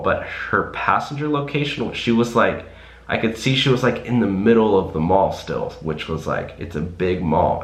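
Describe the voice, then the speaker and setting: A man's voice: sits low, a bit bright, reverberant. A man, a rideshare driver, casually telling a rambling story to camera with many fillers and restarts.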